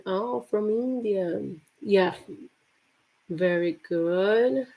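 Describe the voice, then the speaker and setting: A woman's voice: mid-range voice, extremely slow, creaky. A woman teaching a live online English lesson, cheerfully praising students by name.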